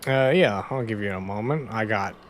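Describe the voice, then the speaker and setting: A man playing a detective game, casually reading its text aloud and thinking out loud between lines. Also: fairly low pitch, moderate pace, a little hiss or hum. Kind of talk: let's-play narration.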